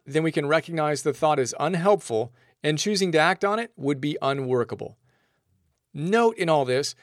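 A man's voice: on the high side, no echo, studio quality. A man narrating a self-help book summary in an upbeat, playful way.

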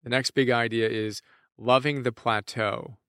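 A man's voice: mid-range voice, steady tone, unhurried, sharp tone, clean tone, no echo, clean studio sound. A man in earnest, reflective scripted narration of a lesson, often putting questions to the listener. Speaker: teacher presenting book ideas.

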